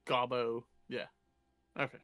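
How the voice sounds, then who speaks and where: A man playing a tabletop game, joking and bantering quickly with the group. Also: mid-range voice, completely flat delivery, a bit bright, no echo. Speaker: player. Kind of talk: casual game chat.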